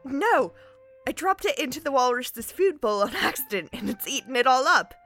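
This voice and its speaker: A jittery young man who stammers through his words, his voice shaky and strained, as a woman puts him on. He speaks in a raised, lively voice. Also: mid-range voice, slow pace, faint music behind, exaggerated voice. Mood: nervous.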